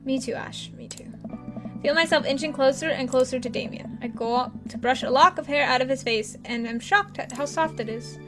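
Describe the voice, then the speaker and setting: Excitable high-voiced woman playing a game. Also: fairly quick, hardly any pauses. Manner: excitable, gushing, teary at the end. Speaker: let's player. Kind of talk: playing and reading a dating game aloud. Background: game music.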